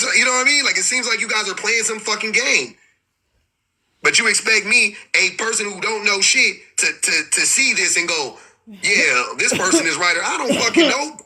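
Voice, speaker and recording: A man's voice: high-pitched, bright, forceful tone, husky, rough recording. A man hosting a livestream, rambling and exasperated, swearing freely and restarting his sentences often. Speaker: livestream host. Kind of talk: casual livestream commentary.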